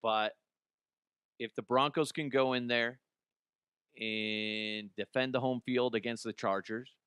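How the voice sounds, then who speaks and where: A man's voice: medium pitch, steady tone, slow pace, fairly bright tone, clear, resonant tone, dry recording. A man hosting a solo sports podcast, ranting bluntly with swearing, often restarting and repeating words. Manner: blunt, opinionated, swears freely. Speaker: podcast host.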